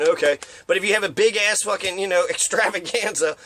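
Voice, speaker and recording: A man's voice: high-pitched, fairly quick, sharp tone, a little hiss or hum. A man ranting in a rambling, profane, casual way, often mocking others with put-on voices. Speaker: commentator.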